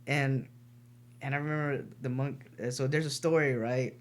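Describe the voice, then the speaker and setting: A man's voice: medium pitch, level tone, moderate pace. Man telling earnest stories on a podcast. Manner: earnest storytelling, frequent restarts and swearing. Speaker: podcast co-host; martial arts teacher. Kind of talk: casual podcast chat.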